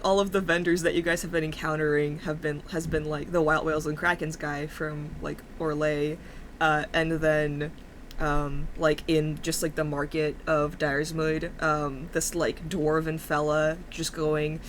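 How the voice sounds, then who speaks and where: A woman's voice: low voice, a little hiss or hum. A young woman running a tabletop game as game master, chatting casually and giggling, with lots of fillers as she rambles.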